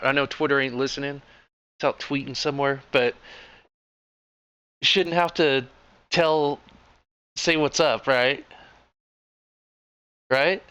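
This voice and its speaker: A man vents in an off-the-cuff rant, sarcastic and fed up, swearing as he rambles. His voice is bright and forceful, with a smooth, resonant clarity. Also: medium pitch, fairly even intonation, takes it slowly, pauses often, no room sound, lo-fi sound. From United States. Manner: indignant, sarcastic, profane, rambling with frequent fillers. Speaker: political commentary vlogger. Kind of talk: casual ranting monologue.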